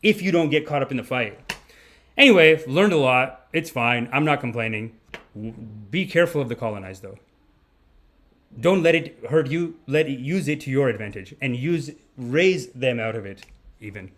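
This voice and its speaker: A man's voice: mid-range voice, lively intonation, moderate pace, a bit bright. A man hosting a comedic livestream, rambling in a mock-preachy, profane manner. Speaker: podcast host.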